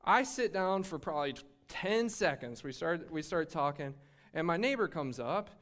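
A man preaches through a personal faith story with lively energy, often laughing and restarting his sentences. His voice sits a little higher than most men's. It has the rhythm of sermon-style storytelling. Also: normal speed. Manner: animated, laughing, with frequent restarts. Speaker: speaker sharing a faith testimony.

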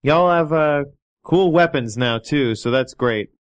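A man playing a tabletop game, goofy and quick to laugh. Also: fairly high pitch, clean tone. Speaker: player. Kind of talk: casual tabletop play.

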